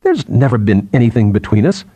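A man's voice: fairly low pitch, big pitch swings, brisk, warm tone, slightly rough, no room sound, heavily acted. A man voicing a curt, cool woman archaeologist. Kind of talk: audiobook character voice.

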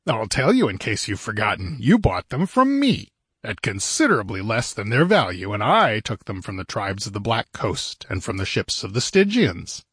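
A man reading an audiobook, voicing a blunt, grim barbarian warrior who talks in a gruff, impatient, mocking way, with a low husky voice. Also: wildly swooping pitch, moderate pace, a bit bright, no echo, studio quality, full character voice. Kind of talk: audiobook character voice.

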